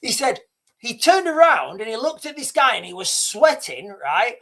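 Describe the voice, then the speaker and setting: A man's voice: very high voice, very animated, normal speed, sharp tone. A man holds forth on his live stream in a loose, rambling way. He circles back on his words, restarts sentences and lets slip a chuckle at himself. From Britain. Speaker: livestream host. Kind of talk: casual live-stream monologue.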